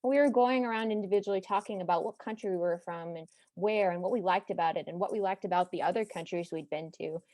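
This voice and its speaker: A young woman from Texas with no regional accent, telling a personal story to an audience in a chatty, animated way with side remarks. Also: lowish voice, fast, hardly any pauses, no room sound. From Texas, United States.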